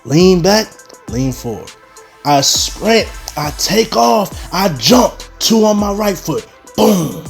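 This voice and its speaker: A man's voice: high voice, vocal fry. A young man telling a personal story on his channel and talking straight to his viewers. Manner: animated storyteller, talks straight to the audience. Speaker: vlogger. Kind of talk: casual storytime.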